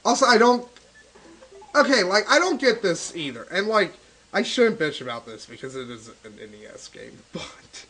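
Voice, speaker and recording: Ranting, foul-mouthed young man, lively pitch. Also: moderate pace, rough recording. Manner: swears constantly, rambling and ranting. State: stoned. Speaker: gaming video host. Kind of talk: profane let's-play commentary.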